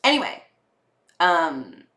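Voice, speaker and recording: A woman's voice: fairly low pitch, very animated, slow, sharp tone, reverberant. A young woman hosting a podcast, telling candid personal stories in a chatty way, full of fillers and acted-out quotes. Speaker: podcast host. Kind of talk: casual personal storytelling.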